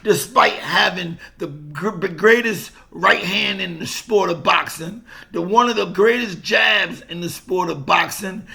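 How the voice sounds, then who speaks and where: An older man and boxing coach, telling a story in an animated way, repeating himself and swearing freely. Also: high voice, creaky. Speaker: boxing coach and former fighter. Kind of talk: casual boxing talk to camera.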